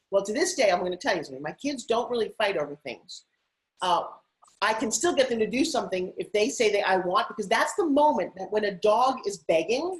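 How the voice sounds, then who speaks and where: A middle-aged woman guest telling stories in an interview, animated and putting on voices now and then. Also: mid-range voice, fairly quick, low-quality recording. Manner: animated, acts out her kids' voices. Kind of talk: interview storytelling.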